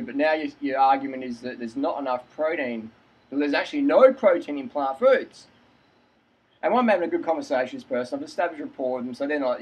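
A man's voice: a little high, slightly rough, rough recording. A man telling a story in a casual vlog, acting out both sides of the conversation and laughing often. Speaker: fitness vlogger.

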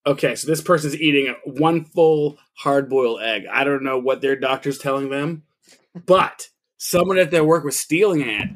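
A man's voice: mid-range voice, moderate pace. A man co-hosting a casual podcast, telling a story in a rambling way with restarts. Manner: rambling, trails off and backtracks mid-story. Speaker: podcast co-host.

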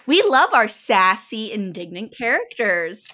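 High-voiced sarcastic woman co-host. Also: very animated, unhurried, sharp tone. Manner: sarcastic, emphatic. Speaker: podcast co-host. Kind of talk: casual book review.

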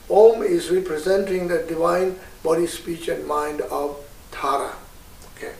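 A man with a Tibetan accent teaching a guided meditation, slow and patient with many hesitations. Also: fairly high pitch, steady tone, gravelly, darkish tone. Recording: roomy, distant mic.

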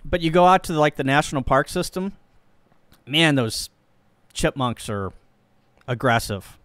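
Easygoing male ham radio streamer from Missouri, unhurried delivery, smooth dry voice, jokey and rambling. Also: on the high side, lively intonation, fairly bright tone, no echo. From Missouri, USA. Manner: rambling, joking and easygoing, thinking aloud while operating. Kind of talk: casual live-stream chat.

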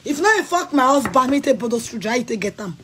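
A woman with a Nigerian accent delivers a furious rant, scolding and threatening with sudden shouted bursts. Her voice sits a little higher than most women's. Faint noise hums underneath. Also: sing-song, fast talker. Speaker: vlogger. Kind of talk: angry rant to camera.

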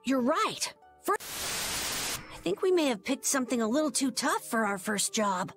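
A woman voicing an unsure young boy who leads a guild in a video game, soft and hesitant. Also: high voice, sing-song, measured pace, over music. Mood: worried.

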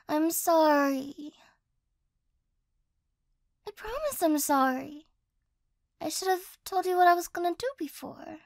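A woman playing a cat-girl girlfriend, whispered role-play, very high voice, slow soft apologetic talk. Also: no room sound, clean studio sound, full character voice. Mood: cuddly, sleepy. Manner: soft, gentle, hesitant and apologetic. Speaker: ASMR role-play artist.

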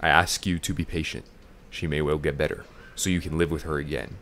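A man voicing a calm male doctor in a game, slow and measured. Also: a bass voice, a little hiss or hum, pitched below the performer's own voice. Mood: soothing.

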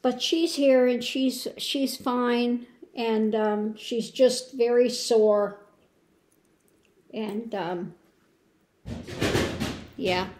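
A woman giving a rambling home update, talking softly and cooing to her pets. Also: fairly high pitch, fairly even intonation, extremely slow, long pauses. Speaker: spiritual tarot channel host.

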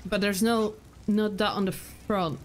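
A woman's voice: mid-range voice, steady tone, a little slow, slight background noise. Giggly woman streamer chatting over gameplay. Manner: chatty, giggly, self-interrupting. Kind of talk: casual gameplay commentary.

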